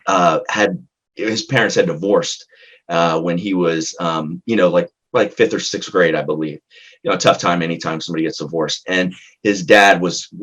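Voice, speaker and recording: Low husky-voiced male psychologist. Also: fairly bright tone, dull audio. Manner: halting, earnest, with frequent restarts. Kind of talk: recounting a therapy case in conversation.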